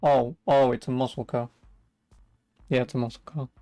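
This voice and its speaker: A man's voice: medium pitch, little pitch movement, moderate pace, mellow, dry recording, soft background music. A young English man with an English accent giving sarcastic, swearing, casual commentary as he streams a racing game. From England. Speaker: gaming streamer. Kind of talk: casual let's-play commentary.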